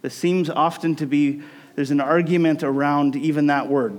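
Male pastor, casual chatty sermon, jokey, bit higher voice. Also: steady tone, moderate pace, darkish tone. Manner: chatty, joking, self-interrupting.

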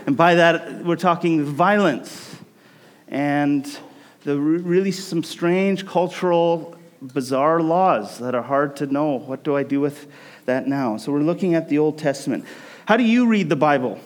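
A man leading a casual, joking talk to his church congregation as its pastor. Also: a little high. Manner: chatty, joking, self-interrupting.

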